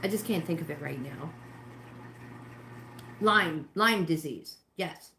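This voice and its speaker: With a low, bright, forceful voice and a slow pace, a middle-aged New York State woman rambles casually to livestream viewers while cleaning her kitchen, often exclaiming to herself. The indoor kitchen sounds roomy and echoey, with slight background noise.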